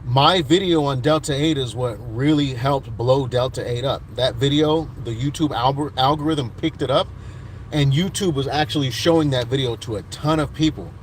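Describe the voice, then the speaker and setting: A man's voice: mid-range voice, normal speed, a little hiss or hum. A man in his thirties, casually chatting on a livestream and reading out viewer comments in a laid-back, rambling way with lots of restarts. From United States. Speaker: livestream host reading chat. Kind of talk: casual chat.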